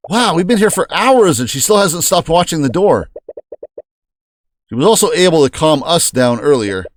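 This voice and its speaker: Animated joking male game streamer. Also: medium pitch, no room sound, studio quality. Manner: joking, animated, reads game text aloud. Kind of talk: game playthrough commentary.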